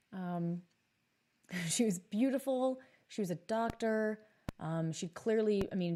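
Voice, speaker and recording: Thirties woman coach hosting a podcast; low-pitched, animated and blunt, swears for emphasis. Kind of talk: podcast monologue with storytelling.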